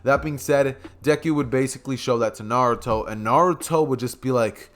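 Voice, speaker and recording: A man's voice: medium pitch, moderate pace, a bit bright. A man narrating a fan story casually as a YouTube host, rambling and chatty with many fillers.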